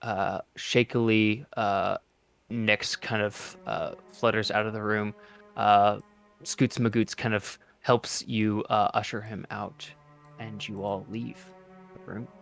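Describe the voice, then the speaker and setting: A man as game master, narrating a tabletop adventure in a relaxed, halting way with frequent pauses. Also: fairly low pitch, creaky, soft background music.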